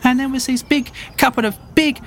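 A man voicing an excitable young farm boy who boasts about being brave. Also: fairly quick, a little hiss or hum. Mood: boastful. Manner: high, eager, stumbling boasts.

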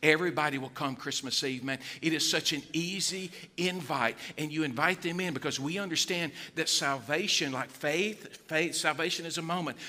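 Male pastor, sermon delivery, animated and emphatic, slightly high and bright. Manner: animated, emphatic, acts out voices of others.

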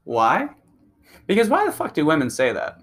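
A man's voice: a little high, huge pitch swings, moderate pace, fairly bright tone. A man delivering a profane, combative ranting monologue that speeds up when he gets heated. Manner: crude, combative, and provocative.

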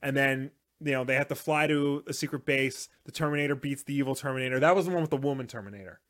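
A man's voice: mid-range voice, quick pace, fairly bright tone. A man co-hosting a live show in casual chat, rambling with lots of filler words. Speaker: podcast co-host.

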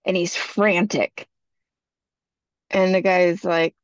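A woman hosts a podcast and recounts a creepy tale in a chatty, casual way, dropping in "you know" asides. Her voice has a gravelly edge. The recording is dull and lo-fi, and the sound is dry. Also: mid-range voice, slow pace, pauses often, darkish tone, dry recording. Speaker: podcast host. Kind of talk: casual storytelling.

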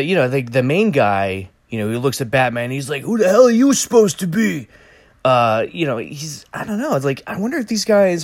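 A man's voice: medium pitch, no echo. A man casually talking through a movie trailer on his own, rambling with many fillers and joking asides. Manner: rambling, lots of fillers and restarts, jokey. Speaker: vlogger reviewing a movie trailer. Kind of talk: casual solo commentary.

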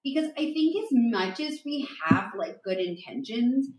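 A woman's voice: on the high side, expressive, a little slow, darkish tone. A woman in casual conversation, speaking hesitantly with many fillers. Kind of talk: casual chat. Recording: roomy echo.

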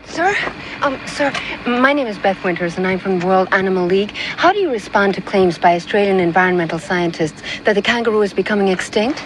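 A flustered young woman reporter, played by an actress, stammering through her questions. Her voice is mid-pitched. Clear background noise runs under the film audio. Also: lively intonation, a little fast, close to an everyday voice, poor audio. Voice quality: hesitant, stammering. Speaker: animal-rights interviewer in a film clip.

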